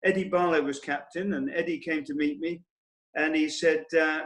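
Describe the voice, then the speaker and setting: A man with a fairly high speaking voice recounts old cricket stories in easy panel chat. He drops into quoted voices as he goes, and the recording carries a noticeable room echo. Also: moderate pace. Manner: anecdotal, quotes others in lively voices. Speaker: former cricketer, guest. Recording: roomy echo.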